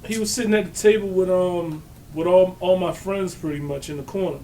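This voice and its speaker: Man, crude teasing co-host, slightly high voice, faint noise. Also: brisk, dark tone. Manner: crude, teasing, laughs easily. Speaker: podcast co-host. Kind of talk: casual banter among friends. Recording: distant mic with faint noise.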